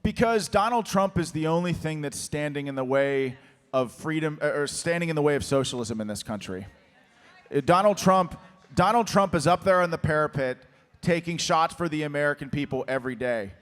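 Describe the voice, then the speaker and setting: A candidate for office, a guest in a live on-stage conversation, talks a little fast with lively intonation and a fairly bright tone. Though he's losing his voice to hoarseness, his campaign pitch is emphatic and rallying. The conference hall, full of an audience, adds a long reverb.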